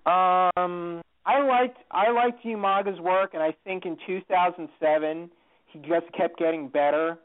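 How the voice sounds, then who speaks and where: A man's voice: high-pitched, steady tone, measured pace. A man talking as a podcast guest in casual chat, rambling and restarting often. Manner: rambling with many restarts and fillers. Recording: tinny phone-like line.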